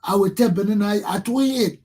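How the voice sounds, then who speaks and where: A man's voice: high voice, fairly quick, darkish tone, slightly rough. An older man, hosting a talk show and delivering an angry, profane monologue in repeated jabs. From Liberia. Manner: ranting, profane, repetitive.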